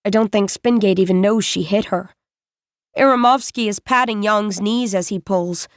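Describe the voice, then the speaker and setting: A woman reading a first-person novel aloud as an audiobook narrator, in a measured, deliberate way. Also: medium pitch, no echo, clean studio sound.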